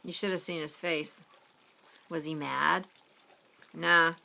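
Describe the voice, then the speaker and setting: A woman teacher reads a story aloud to her class in an expressive storytelling manner. Her voice is fairly low, with a gravelly fry running through it. Her tone is bright and forceful. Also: slow.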